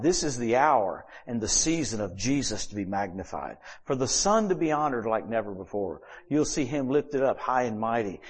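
A man gives a sermon as pastor, recounting stories in a spirited way with sharp changes in pitch and volume. His voice is slightly rough.

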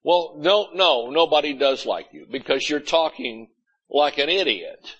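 A man's voice: a little high, animated, a little slow, a bit bright, slightly rough, lo-fi sound. A man preaching a sermon as pastor, folksy and blunt, often mimicking complaining churchgoers. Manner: folksy, blunt preaching with mocking quoted voices. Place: church sanctuary.

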